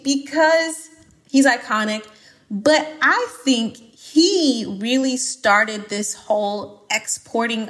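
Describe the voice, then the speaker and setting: A woman from Atlanta with an American accent, a podcast guest talking casually in an emphatic, animated way with playful exaggeration. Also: medium pitch. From Atlanta, USA. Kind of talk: casual conversation.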